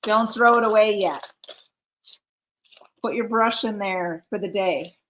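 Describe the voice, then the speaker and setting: A woman's voice: mid-range voice, slow, fairly bright tone, a little hiss or hum. A woman hosting a live craft stream, chatting casually and reading viewer comments aloud. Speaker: craft livestream host. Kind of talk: casual livestream chat.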